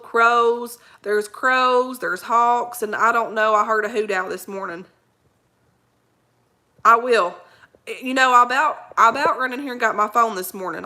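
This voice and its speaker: Folksy gal chatting live with viewers, laughs a lot, real bright voice. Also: female voice, on the high side. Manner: rambling, laughs often, folksy slang. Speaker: livestream host reading viewer comments. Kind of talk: casual live chat.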